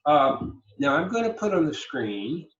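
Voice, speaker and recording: A man giving a recorded online lecture, speaking slowly and emphatically and exaggerating word stress to demonstrate. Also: fairly high pitch, very animated. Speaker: college lecturer. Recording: roomy, dull lo-fi recording.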